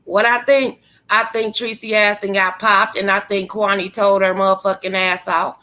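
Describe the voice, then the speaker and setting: A woman hosting a casual livestream, talking bluntly to her chat viewers, swearing freely and reacting with animated commentary. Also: medium pitch, normal speed. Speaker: livestream host. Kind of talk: casual live-stream commentary.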